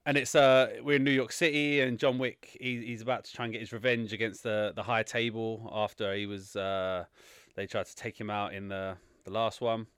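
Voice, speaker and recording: A man's voice: lowish voice, little pitch movement, moderate pace, fairly bright tone, smooth, no room sound, studio quality. A man hosting a casual film podcast, teasing his friends and rambling through a plot summary. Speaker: podcast host.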